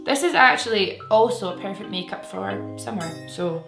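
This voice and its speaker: A woman's voice: mid-range voice, moderate pace, vocal fry. A woman with a Scottish accent chatting casually and gushing while she does her makeup in a tutorial at home. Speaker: beauty vlogger. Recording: roomy sound with faint music.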